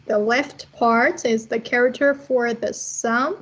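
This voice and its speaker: A woman's voice: on the high side, steady tone, slow pace, a bit bright, rough recording. A woman teaching a language class online, explaining patiently step by step over a video call.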